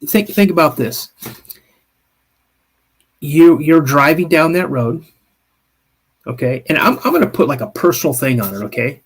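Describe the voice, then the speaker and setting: A man's voice: fairly high pitch, moderate pace, long pauses, husky. A man co-hosting a live podcast, telling an encounter story in the second person with frequent restarts and check-ins. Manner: animated, builds scenes with second-person storytelling; frequent restarts and repeated "okay?". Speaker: podcast co-host. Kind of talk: live-stream storytelling chat.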